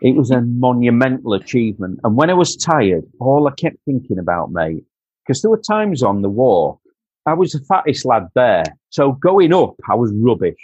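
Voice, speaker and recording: This man's mid-range voice is very animated and a little mellow, slightly rough, at normal speed. He's a Yorkshireman from Doncaster telling his story candidly and earnestly as a podcast guest, repeating himself and calling the host mate. The recording is dry with the highs cut off.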